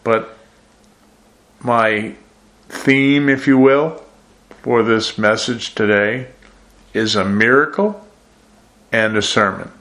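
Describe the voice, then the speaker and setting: Slow gravelly male preacher. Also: fairly low pitch, steady tone. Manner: slow, measured delivery with gentle self-deprecating asides. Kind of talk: sermon with scripture reading.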